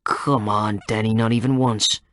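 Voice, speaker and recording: A man's voice: lowish voice, fairly even intonation, unhurried, fairly bright tone, no room sound, clean studio sound. A man voicing a male police detective who interrogates a suspect, needling and accusing in turn. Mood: coaxing. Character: male police detective, coaxing then menacing.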